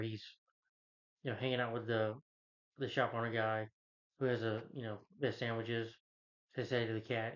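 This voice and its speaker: A man giving a casual, rambling movie review, retelling the plot with many fillers and putting on higher voices for the characters. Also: lo-fi sound. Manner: loose, filler-heavy retelling that jumps up in pitch for quoted characters.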